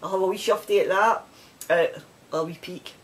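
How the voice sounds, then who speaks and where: A woman with a west of Scotland accent hosts her knitting podcast in easy, rambling chat. Her voice sits a little low, and she laughs often between asides. A faint hiss sits under the recording. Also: moderate pace. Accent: West of Scotland Scottish. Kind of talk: casual chat.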